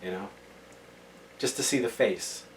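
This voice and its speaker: A man's voice: lowish voice, unhurried. A man hosting a casual podcast chat, laid-back, laughing often and swearing casually. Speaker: podcast host. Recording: distant mic with faint room noise.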